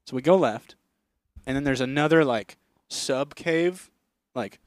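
A man co-hosting a comedy podcast, telling a profane, animated story in casual chat. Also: mid-range voice, a little slow, no echo, studio quality. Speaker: podcast co-host. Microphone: studio microphone.

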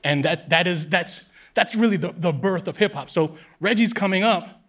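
Thoughtful New man, slightly high. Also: normal speed, a bit bright. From Queens, New York. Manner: thoughtful, explaining, many "I mean" restarts. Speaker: panel guest. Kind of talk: reflective explanation at a live show. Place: live show in a ballroom.

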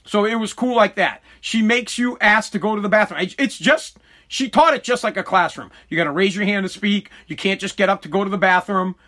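A middle-aged man hosting a podcast, delivering an animated, mock-pompous comedic rant full of swearing. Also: high-pitched, fairly quick. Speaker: podcast host.

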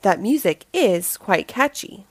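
Slow, expressive woman reading to kids. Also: mid-range voice, breathy edge, no echo. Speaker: children's story reader. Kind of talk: reading a picture book aloud.

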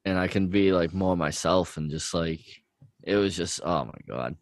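Deep-voiced laid-back podcast guy. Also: normal speed, dry recording. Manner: laid-back, gushing, lots of filler words. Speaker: podcast co-host. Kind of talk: casual chat.

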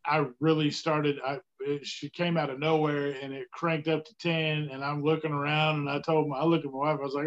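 A man telling a story in a casual podcast chat, animated when he quotes others and swearing casually. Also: a little high, fairly quick, hardly any pauses. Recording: dull lo-fi sound.

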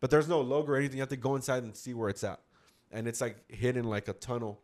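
Fast-talking casual man telling a story. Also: medium pitch, fairly even intonation, darkish tone. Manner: rambling, slangy, quotes others mid-story. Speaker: storyteller among friends. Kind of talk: casual chat.

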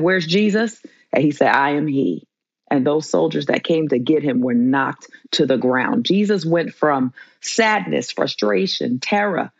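A woman's voice: low-pitched, no room sound, muffled recording. A woman, a trauma therapist on as a guest, giving an impassioned faith teaching with a preacherly, emphatic and repetitive delivery.

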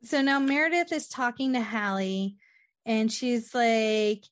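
A woman's voice: on the high side, measured pace, dry recording. A woman casually recapping a film, acting out the characters' lines and swearing freely. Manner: animated storyteller, acts out quotes, swears freely.

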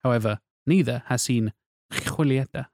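A man's voice: medium pitch, moderate pace, darkish tone, no room sound. Quippy male podcast co-host, dry sound. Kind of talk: casual chat, reading out a film pitch.

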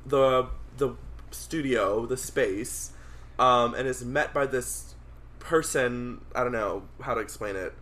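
A man's voice: mid-range voice, slow pace, sharp tone. A man guesting on a podcast in casual chat, laughing often and retelling scenes animatedly, calling in over a video call while on the road.

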